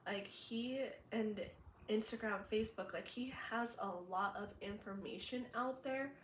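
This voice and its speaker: A young woman vlogger tells a personal story in a high-leaning voice at a measured pace, chatty and full of fillers as she laughs through tears. The room adds a roomy echo, and a faint hum sits in the background.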